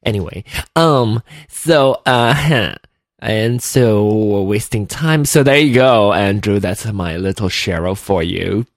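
A man's voice: lowish voice, slow pace, no echo, studio quality. A man hosting a solo podcast, rambling and giggling with many fillers, just woken up. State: just woke up, clammy. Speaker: podcast host. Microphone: desk mic at computer.

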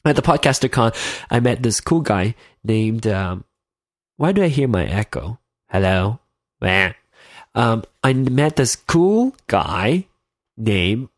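A man's voice: on the low side, animated, unhurried, dry recording, studio quality. Congested man rambling on his podcast. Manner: rambling, loses his train of thought, chatty. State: stuffed-up nose, congested. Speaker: podcast host. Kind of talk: casual solo podcast talk. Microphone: in-ear headphones with mic.

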